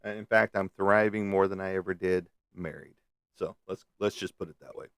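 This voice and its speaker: A man's voice: sits low, steady tone, brisk, smooth, no echo, clean studio sound. Blunt rambling middle-aged man livestreaming. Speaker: live streamer. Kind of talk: casual live stream chat. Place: room at home with bookshelves. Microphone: webcam on a live stream.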